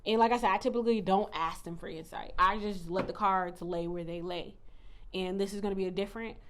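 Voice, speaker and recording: A woman's voice: medium pitch, fairly even intonation, fairly quick, a bit bright, slight background noise. A woman talking casually as a tarot reader in a vlog, blunt and defiant and swearing freely, recorded on a phone mic.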